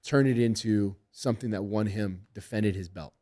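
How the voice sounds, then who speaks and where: A middle-aged MMA head coach with a lowish voice talks at a moderate pace during a casual podcast interview. His stories are told in an animated manner and loaded with profanity.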